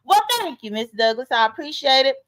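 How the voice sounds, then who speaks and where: A woman hosting a casual livestream, commenting on drama and reading viewer comments aloud, animated and talking straight to her audience. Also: high-pitched, brisk, rough recording. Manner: animated, talks straight to viewers, rhetorical questions. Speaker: YouTube commentary host.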